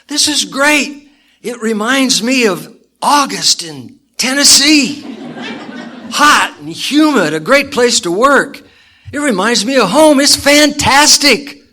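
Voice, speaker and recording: A man voicing a cheerful, endlessly happy Tennessee man who speaks with high, loud, laughing delight in a sermon joke. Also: animated, slow pace, full character voice.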